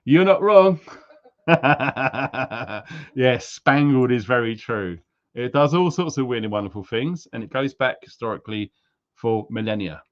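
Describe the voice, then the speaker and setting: A man's voice: medium pitch, expressive, unhurried, lo-fi sound. A British man hosting a live stream in a casual, chatty way, greeting viewers one by one. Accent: British English. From England. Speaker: livestream host.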